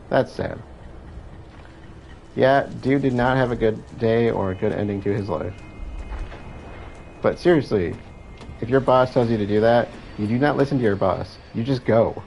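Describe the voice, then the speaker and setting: A man's voice: medium pitch, normal speed, creaky, long pauses, a little mellow, a little hiss or hum, low-quality recording. A man casually commentating his gameplay, chatty and reactive, swearing freely. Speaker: let's play host.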